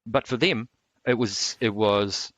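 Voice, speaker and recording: A man's voice: fairly low pitch, slow, a bit bright, no room sound. A man being interviewed as a martial artist, telling long rambling stories with many restarts. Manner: rambling, full of restarts and fillers. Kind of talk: casual storytelling interview.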